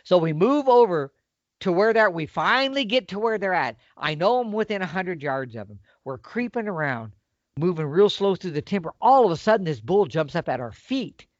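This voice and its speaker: A man's voice: high voice, normal speed, no echo. A middle-aged man telling a hunting story in a casual, folksy way. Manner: animated, folksy storyteller with lively swings. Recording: dull, lo-fi dry sound.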